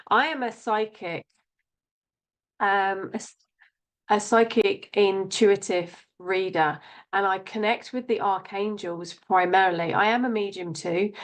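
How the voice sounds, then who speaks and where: A woman hosting a live psychic show, talking in a friendly, chatty way. She greets each viewer by name and fills the gaps with little asides. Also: lowish voice. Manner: warm, chatty, reads out viewer names with endearments.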